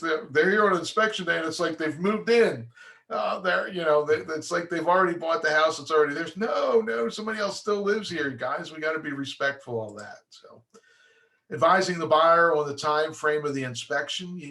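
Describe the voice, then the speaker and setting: A man's voice: a little high, vocal fry, sharp tone. A middle-aged home inspector giving a conversational training talk to real estate agents, often restarting his sentences. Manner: conversational, restarts often, acts out clients' voices.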